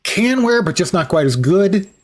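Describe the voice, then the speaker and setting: A man's voice: sits high, very animated, moderate pace. A sleepy man streaming a game, rambling with wry, sarcastic asides and yawning often. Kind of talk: casual commentary while gaming.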